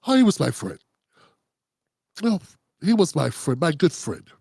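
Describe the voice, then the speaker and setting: A man imitating a male pundit speaking mournfully and haltingly about a lost friend. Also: on the high side, sing-song, vocal fry, darkish tone, husky, no room sound, clean studio sound, voice pushed down, exaggerated voice.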